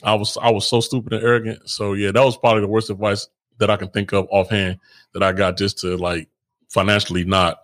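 A man's voice: on the low side, flat delivery, a little fast, a bit bright. A man, a parent, co-hosting a casual chat. He rambles, laughs often and talks frankly with slang. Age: adult with kids. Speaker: podcast co-host.

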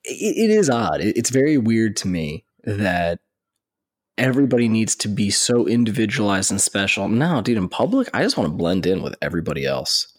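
A man's voice: fairly low pitch, normal speed, slightly rough, dry recording. A man co-hosting a podcast, talking bluntly and profanely in casual chat from Texas. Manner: blunt, profane, animated storytelling. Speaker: podcast co-host.

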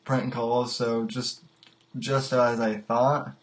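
Male call-in show host, slow and stammering, laughing at callers. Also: mid-range voice, flat delivery. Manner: halting, repeats his words, laughs often. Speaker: podcast host. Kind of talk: live call-in show chat.

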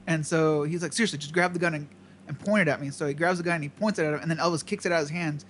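A man's voice: fairly high pitch, steady tone, fast, fairly bright tone, slight background noise. A man telling a story in casual chat, swearing and acting out the quotes.

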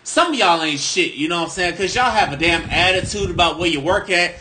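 A man's voice: high voice, a little fast, hardly any pauses, bright, forceful tone, a little hiss or hum. A man, co-hosting a casual podcast and ranting with heavy profanity, who keeps asking "you know what I'm saying.". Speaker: podcast co-host.

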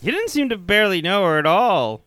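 A man riffing through a casual film chat with a swinging, expressive voice that sounds smooth and crisp. He swears freely and throws in mock screams. The sound is dry and close. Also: high-pitched, brisk, no room sound. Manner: animated, profane, mimics screams.

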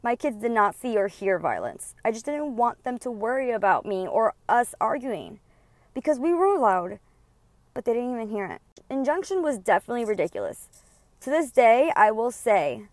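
A young woman hosts a podcast, telling a personal story with lots of swearing and acting out the quoted lines. She's candid, and her voice is a little high with a darkish tone and no echo.

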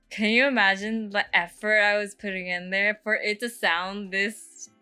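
A woman's voice: medium pitch, steady tone, measured pace, pushed and bright, clean tone, soft background music. A young woman hosting a podcast, chatting casually in a rambling way with lots of fillers and laughing at herself. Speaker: podcast host. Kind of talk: casual chat.

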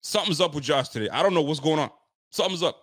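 Man, fan rant, frustrated, blunt, slangy, slightly high voice. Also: expressive, very fast, fairly bright tone. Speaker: sports fan commentator. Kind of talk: ranting post-game reaction.

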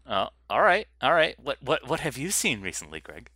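A man's voice: medium pitch, very animated, normal speed, bright, forceful tone, no echo. A young adult man co-hosting a podcast, ranting sarcastically in casual chat. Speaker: podcast co-host.

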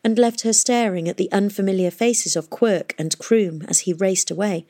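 A woman narrating a novel in a steady, expressive reading voice. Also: medium pitch, moderate pace. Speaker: audiobook narrator. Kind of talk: storybook narration.

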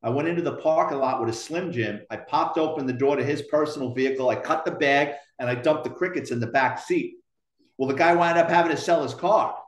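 A man's voice: fairly high pitch, brisk. Blunt Bronx-accented man telling stories. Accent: Bronx New York. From Bronx, New York. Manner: blunt, profane anecdotes with dark humor. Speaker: retired police detective and author. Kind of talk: storytelling in casual interview. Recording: roomy echo.

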